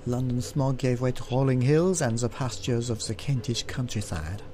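A man's voice: mid-range voice, normal speed, a little hiss or hum. Man reading a text adventure aloud. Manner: expressive reading with asides. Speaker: let's play host.

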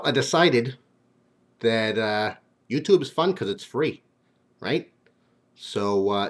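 Guy doing a quick vlog update, casual and jokey, kinda self-mocking. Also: fairly low pitch. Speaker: channel host.

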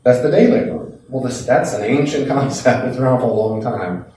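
A man teaching a Bible class, lively and folksy, acting out voices from the story. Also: mid-range voice, a little fast, slight background noise. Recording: echoey classroom from a distant mic.

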